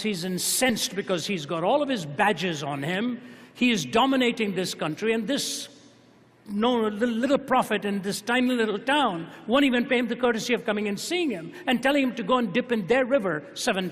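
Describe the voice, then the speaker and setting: A man preaching a sermon to a hall audience, telling stories with dramatic rises and hushed drops. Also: sits high. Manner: dramatic storytelling, voice rising and dropping to a hush. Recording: long hall reverb.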